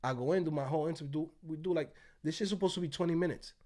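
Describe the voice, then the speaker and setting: A man's voice: very fast, darkish tone. A man hosting a livestream, telling a story in casual, profane, swaggering talk and acting out the other people's lines. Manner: acts out quoted voices in a raised pitch. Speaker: host. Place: Tampa, United States.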